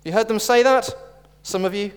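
A man's voice: high voice, normal speed, smooth. A middle-aged man preaching a sermon in a church, earnest with wry asides and jokes. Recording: reverberant church hall.

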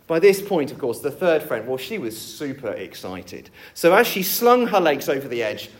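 Lively male preacher giving a sermon. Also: on the high side, moderate pace. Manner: lively, jokey storytelling delivery.

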